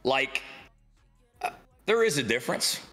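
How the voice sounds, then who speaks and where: A man's voice: medium pitch, big pitch swings, measured pace, pushed and bright, faint music behind. A man co-hosting a podcast in casual chat, talking loosely with lots of fillers and some swearing. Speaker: podcast co-host.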